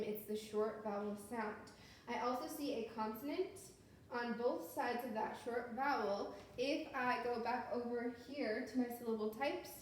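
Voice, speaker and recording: A woman teacher talks through a phonics lesson slowly and patiently, one step at a time. Her voice sits a little high. The room rings with heavy echo under a faint hiss. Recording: very echoey room with faint noise.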